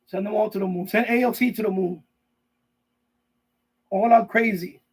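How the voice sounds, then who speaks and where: A man with a notably high, husky voice rants on his live stream. He rambles, swears freely and repeats himself while riffing in mocking voices, talking from his basement. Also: fast talker, rough recording. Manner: profane, repetitive, riffing with mock voices. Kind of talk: rambling casual rant. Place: basement room.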